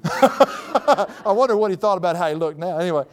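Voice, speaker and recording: A middle-aged man preaching a folksy sermon before a live audience, telling a family story and laughing often, his voice climbing high when excited. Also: fairly quick.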